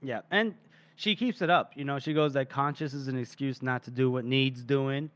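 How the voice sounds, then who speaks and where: A man's voice: medium pitch, normal speed, fairly bright tone, clear, resonant tone. A man co-hosting a book podcast, casually retelling scenes with laughs and acted quotes. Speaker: podcast co-host.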